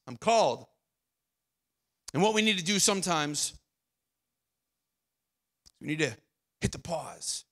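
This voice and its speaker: Bright gravelly-voiced male preacher. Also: on the high side, animated, takes it slowly, long pauses. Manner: conversational preaching, repeats phrases, drops to quiet for emphasis. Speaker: pastor. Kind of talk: sermon. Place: church auditorium.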